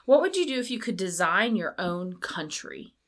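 A bright, sharp-toned woman in her thirties chats casually as a podcast cohost. She rambles through her thoughts, padding them with constant fillers. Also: fairly low pitch, big pitch swings, moderate pace. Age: 30s. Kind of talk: casual chat.

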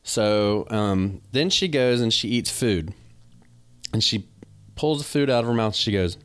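A man with a Southern US country accent, co-hosting a podcast and telling animated, folksy stories in casual chat. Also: on the low side, unhurried, dry recording, clean studio sound. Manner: animated storyteller, folksy, drawling. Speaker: podcast co-host.

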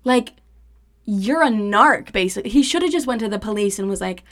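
A woman's voice: medium pitch, normal speed. A young woman in her twenties telling a story in a casual, profane monologue, often rising to indignant outbursts.

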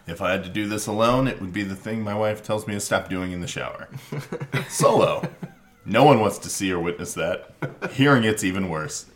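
A man in his thirties hosts a relaxed chat show and cracks jokes between sips of his drink. His voice sits low, and he laughs easily. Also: normal speed. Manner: joking, laughs often. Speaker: podcast host. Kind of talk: casual chat over drinks.

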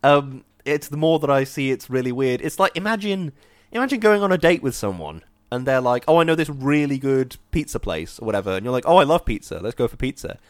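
A man, chatting casually on a podcast, animated and acting out quoted voices as he talks. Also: mid-range voice, fairly quick, no room sound, clean studio sound. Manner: animated, acts out quoted voices, frequent "do you know what I mean". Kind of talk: casual chat.

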